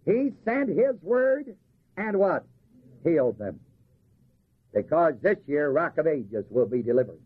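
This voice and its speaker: Here is an old, tinny recording of a sermon by a man whose voice is high and husky, with animated swings in pitch. He invites the congregation to complete his lines, drawing out the key phrases slowly for emphasis.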